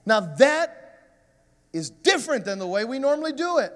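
A man's voice: very high voice, very animated, moderate pace, a bit bright, in a large hall. A man preaching a sermon, telling stories and building to passionate appeals. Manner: storytelling, rising to passionate preaching. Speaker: pastor. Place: church sanctuary.

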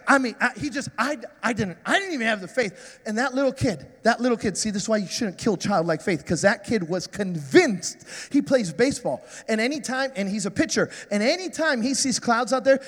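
A man's voice: high-pitched, expressive, fairly quick, big-room sound. A man preaching a sermon, telling stories and building to passionate appeals. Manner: storytelling, rising to passionate preaching. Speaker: pastor. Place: church sanctuary.

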